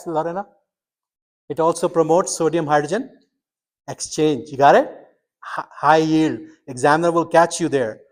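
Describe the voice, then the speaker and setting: Middle-aged male instructor, slightly high voice, lively classroom lecture, quizzes students. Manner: quizzing students, animated and emphatic. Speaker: medical school instructor.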